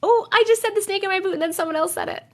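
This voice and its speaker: Still recovering from a cold, this livestream host has a slightly rough voice that is very high, very fast and darkish in tone. She reads viewer stories aloud, chats casually, and hums filler sounds while waiting.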